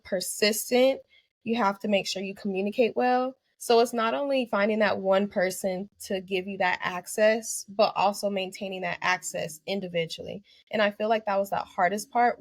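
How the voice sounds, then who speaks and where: A woman's voice: medium pitch, no echo. Young woman guest on a podcast, earnest and thoughtful, lots of "you know", dry close sound. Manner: earnest, reflective, many "you know" fillers. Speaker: anesthesiologist assistant student guest. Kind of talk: podcast interview.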